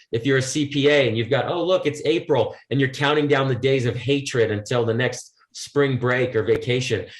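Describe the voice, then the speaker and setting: A motivational speaker talks in a podcast interview, his voice on the high side with a reverberant sound. In this emphatic conversation, he drives his points home with repeated rhetorical questions.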